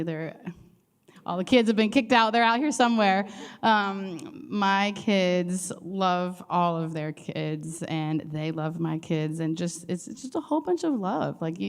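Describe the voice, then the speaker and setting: A woman teacher speaks in a smooth, resonant, lower voice. She talks with feeling and keeps stumbling and restarting her sentences. A long reverb from the room trails her words. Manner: emotional, stammering restarts. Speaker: weekday school teacher. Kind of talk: heartfelt personal testimony.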